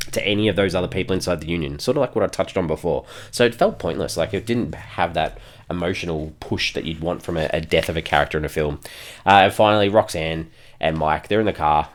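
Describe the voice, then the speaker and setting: A tired man hosting a film review podcast in a casual, rambling way, chuckling often between thoughts. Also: low voice. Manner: rambling, chuckles often, many fillers and restarts.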